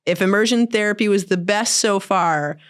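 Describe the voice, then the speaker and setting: A woman hosting a podcast interview, relaxed, steering the questions and laughing along. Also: mid-range voice, normal speed, smooth. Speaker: podcast host. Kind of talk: casual interview chat.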